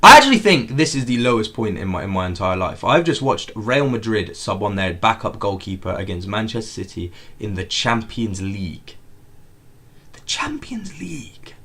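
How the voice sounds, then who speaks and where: Young man, live football watchalong host, excitable, lively pitch swings, bright voice. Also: fairly quick, few pauses. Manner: excitable, repeats himself, swings from outraged shouts to muttering. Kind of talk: live match watchalong commentary.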